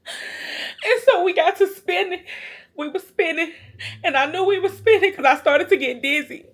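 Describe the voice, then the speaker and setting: A woman vlogger telling a personal story to her viewers in a casual, animated, emotional way. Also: extremely high pitch, normal speed. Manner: animated, colloquial, emotional retelling.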